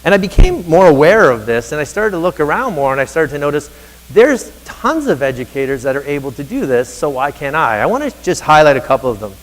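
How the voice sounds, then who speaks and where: A man's voice: a little high, big pitch swings, fairly quick, long reverb tail, low-quality recording. A man in his thirties giving a motivational talk to teachers on a stage, speaking earnestly and addressing the audience directly. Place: stage in a large hall.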